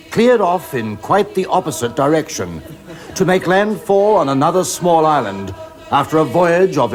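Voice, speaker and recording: A man giving grand, mock-serious documentary-style narration. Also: fairly high pitch. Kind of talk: mock-solemn scripted narration. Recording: narration over loud music.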